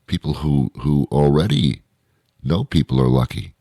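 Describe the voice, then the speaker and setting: A man hosting a radio show with a comic, rambling, self-mocking monologue, his voice hoarse and stuffy from a cold. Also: very deep voice, lively intonation, normal speed, warm tone, no room sound. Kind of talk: comedic monologue.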